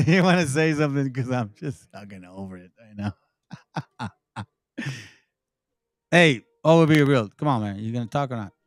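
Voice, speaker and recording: A man's voice: medium pitch, lively intonation, normal speed, pauses often, no echo, studio quality. A man hosting a commentary video, ranting angrily and mockingly over played clips, swearing heavily and laughing. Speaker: commentary channel host.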